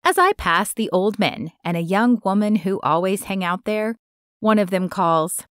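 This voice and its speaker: A woman reading a novel aloud in first person, light and steady. Her voice sits mid-pitch, and the sound is dry and close. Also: a little slow, clear, resonant tone, no echo. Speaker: audiobook narrator.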